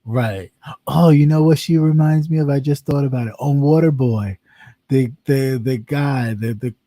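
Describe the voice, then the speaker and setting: A man's voice: mid-range voice, moderate pace, warm tone, no echo, studio quality. A man hosting a casual talk show, easygoing, who trails off and repeats himself. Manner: laid-back, trailing off, repeats phrases. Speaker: show host. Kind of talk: casual chat.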